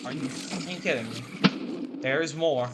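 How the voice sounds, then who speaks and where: A man's voice: medium pitch, a little slow, heavy background noise. A man giving casual gameplay commentary, joking and swearing through exasperated outbursts. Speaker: gaming YouTuber.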